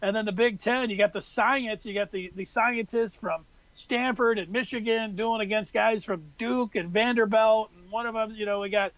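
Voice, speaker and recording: A high-pitched man co-hosts a casual sports podcast and rambles on in an exasperated tone. His voice is recorded dry and close, with a slightly dull, muffled sound. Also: fairly even intonation, normal speed, few pauses, fairly bright tone, dry recording. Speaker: podcast co-host.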